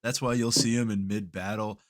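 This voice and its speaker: A man's voice: on the low side, fairly even intonation, a little fast. A man co-hosting a podcast in a laid-back, profane casual chat, chuckling between remarks. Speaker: podcast co-host.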